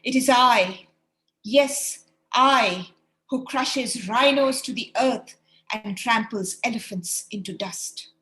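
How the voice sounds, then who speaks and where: A woman putting on a booming boastful caterpillar. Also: slow, echoey room, rough recording. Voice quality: booming, loud.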